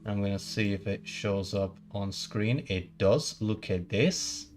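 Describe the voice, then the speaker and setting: A man in casual live-stream chat, talking at an unhurried, drawn-out pace. He rambles and restarts his sentences often, tossing in mock-formal asides, with faint music playing behind him. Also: on the low side, steady tone.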